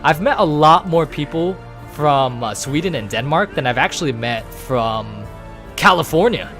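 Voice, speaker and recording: Lively guy streamer rambling. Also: on the high side, moderate pace, soft background music. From United States. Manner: rambling, animated, casual swearing, many fillers. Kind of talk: casual chat with viewers while gaming.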